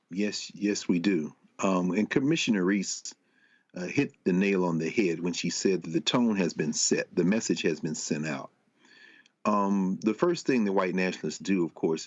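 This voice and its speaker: Deep, measured man explaining law. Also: no echo. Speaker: panelist. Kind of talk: live panel commentary. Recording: dry, dull lo-fi remote audio.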